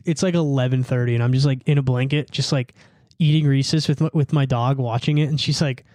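A man's voice: medium pitch, steady tone, fairly quick, darkish tone, dry recording, clean studio sound. A young man co-hosting a podcast in casual chat, laughing often and slipping into mocking cop voices. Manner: laughing, mimics cop voices mid-story. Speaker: podcast co-host.

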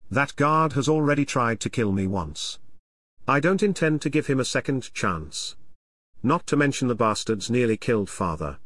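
A blunt, vengeful young warrior with a lowered, muttering voice, as a man voices him in a storybook reading. His lines rise and fall widely in a dry, close sound. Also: lively intonation, moderate pace, fairly bright tone, no room sound. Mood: tense. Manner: low, curt, muttering. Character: grim young male crossbowman, vengeful and blunt.

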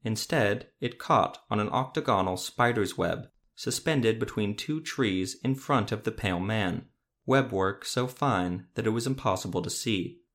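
A man narrating a fantasy story in a steady storytelling manner. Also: fairly low pitch, measured pace.

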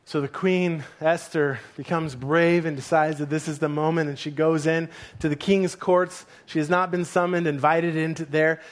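A male pastor preaching to his church with a notably high voice. He retells the story with lively, dramatic storytelling, leaning into the drama of each scene. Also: normal speed, few pauses. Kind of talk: sermon storytelling.

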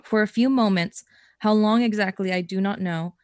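A woman's voice: mid-range voice, normal speed, no room sound, clean studio sound. Woman reading a story aloud. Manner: expressive reading, breaks into laughter and swearing. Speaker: podcast co-host reading listener stories.

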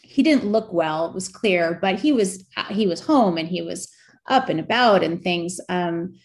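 A middle-aged woman, an actress and author, speaking as an interview guest in a reflective, halting way with frequent restarts and soft laughs. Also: lowish voice, animated.

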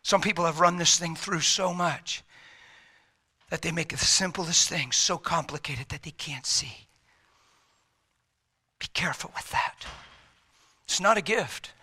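A man preaching a sermon with passion, swinging between shouts and hushed, quiet lines. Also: on the high side, unhurried, husky.

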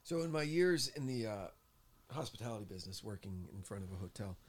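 Animated storytelling man, low voice. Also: brisk, breathy edge. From New Jersey. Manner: animated storyteller acting out quotes. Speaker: podcast co-host. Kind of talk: casual chat, storytelling.

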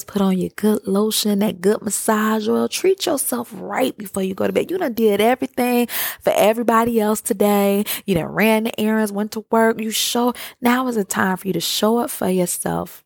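A woman host giving casual, encouraging advice, often checking in with "right?" and "you know", slowing down to guide breathing. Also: mid-range voice, creaky, a little mellow, dry recording, clean studio sound. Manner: soothing, encouraging, slows down for breathing guidance.

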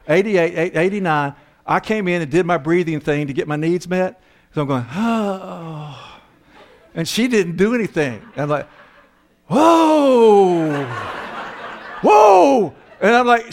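An older man who works as a counselor, telling humorous, self-mocking stories and acting out the voices of the people in them. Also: high-pitched. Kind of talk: humorous storytelling talk.

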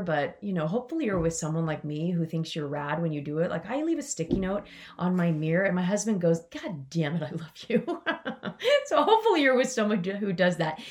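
A woman hosting a motivational podcast, talking to her listeners in an enthusiastic, chatty way. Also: lowish voice. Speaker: podcast host and coach.

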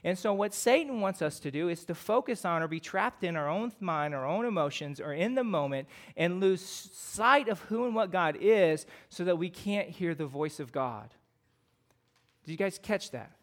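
A middle-aged man with a Midwestern American accent delivers a sermon. His voice sits a little on the high side. He preaches casually, with fillers and frequent rhetorical questions to the congregation. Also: lively intonation, moderate pace, fairly bright tone. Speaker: pastor.

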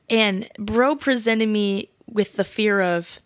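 A woman's voice: medium pitch, slow, no room sound, clean studio sound. A young woman hosting a casual faith podcast, chatty and slangy, laughing often as she tells a story. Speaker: podcast host.

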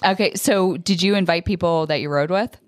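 A woman's voice: on the low side, fairly quick. A woman co-hosting a podcast who talks casually and often restarts her sentences. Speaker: podcast co-host. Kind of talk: casual chat.

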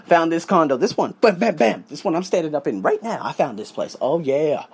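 A man's voice: a little high, very animated, normal speed, slightly rough. A man telling his story in a casual vlog from his condo, emphatic and swearing as he goes. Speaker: vlogger, English teacher. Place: condo room, indoors.

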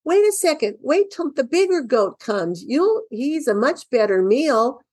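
A woman's voice: sits high, very animated, measured pace, a little mellow, no room sound, studio quality, voice pushed up. A woman voicing a timid little male billy goat in a storybook retelling, pleading in a raised voice.

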